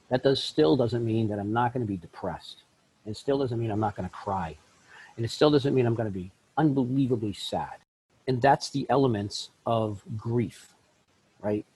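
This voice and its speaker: A middle-aged man talking candidly as a podcast guest, blunt and animated, laughing often and acting out little scenes. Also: medium pitch, moderate pace, husky, low-quality recording. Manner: animated, blunt, laughs often, acts out voices in his stories. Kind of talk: candid conversational self-help talk.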